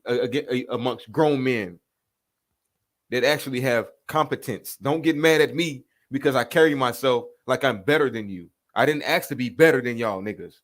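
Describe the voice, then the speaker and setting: Man, reaction video host, confrontational, profane, heated ranting. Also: medium pitch. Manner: confrontational, profane, calling people out. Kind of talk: heated rant reacting to a clip.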